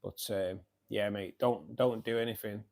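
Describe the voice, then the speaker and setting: A man's voice: lowish voice, steady tone, normal speed, gravelly, darkish tone. Chatty Mancunian man hosting a live stream. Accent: Northern English, Manchester. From England. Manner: friendly, chatty, calls viewers mate. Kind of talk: casual live chat reading viewer comments.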